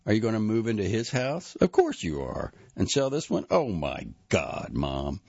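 A man's voice: on the low side, huge pitch swings, moderate pace, vocal fry, a little mellow, slightly rough, no room sound, highs cut off, pitched above the performer's own voice, heavily acted. A man voicing an incredulous, bitter grown son. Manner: incredulous, accusing.

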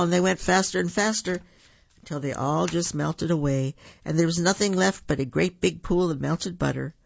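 A man reading a children's story aloud for a radio program, animated and correcting his slips as he goes, with a husky, gravelly voice. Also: fairly high pitch. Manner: animated, with some stumbles and self-corrections. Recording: dull lo-fi radio recording.

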